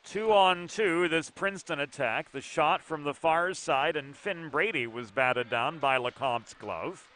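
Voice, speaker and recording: A man calling youth hockey play-by-play from an arena, brisk and precise with dry asides. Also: on the high side, pushed and bright. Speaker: play-by-play commentator. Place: ice arena broadcast position.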